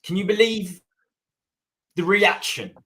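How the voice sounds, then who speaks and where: A man hosting a live fan podcast, relaxed and hesitant with fillers. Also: high voice, slow. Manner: relaxed, hesitant with ums, chuckling. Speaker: podcast host. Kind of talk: live-stream chat.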